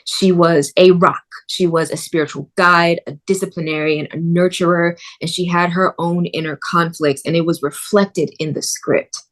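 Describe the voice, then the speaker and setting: Animated actress in a lowish voice. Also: female voice, moderate pace, few pauses. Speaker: actress, interview guest. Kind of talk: casual interview.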